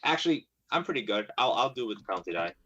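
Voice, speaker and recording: A man's voice: mid-range voice, very animated, quick pace, sharp tone, muffled recording. A man playing a tabletop horror game, talking in a casual, hesitant, stammering way. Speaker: player.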